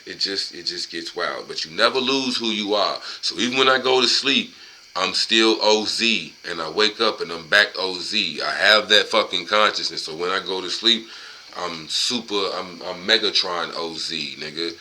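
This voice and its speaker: A man's voice: low-pitched, normal speed, sharp tone, a little hiss or hum, rough recording. A man casually reading from a book aloud and going off on long profane, rambling tangents.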